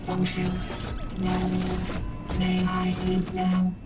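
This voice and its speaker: A synthetic voice playing a calm, newly built male android who speaks in a flat, monotone way. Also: medium pitch, drawn-out words. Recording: echoey, distant, with loud music.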